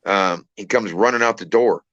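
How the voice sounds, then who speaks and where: A man telling a personal story in a casual, halting way, repeating words and using many fillers. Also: fairly low pitch, a bit bright, no echo, lo-fi sound. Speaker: trucker channel host.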